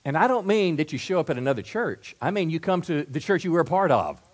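A middle-aged man preaching a sermon, stumbling and repeating words, swinging from soft asides to loud build-ups. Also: on the high side, very animated, quick pace. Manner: repeats words and restarts, acts out quoted voices. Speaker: pastor.

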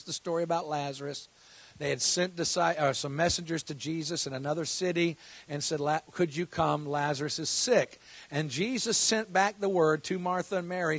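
A man preaching a sermon as pastor. He moves from quiet joking asides to loud, emphatic preaching and repeats phrases for emphasis. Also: fairly high pitch, breathy edge, no echo.

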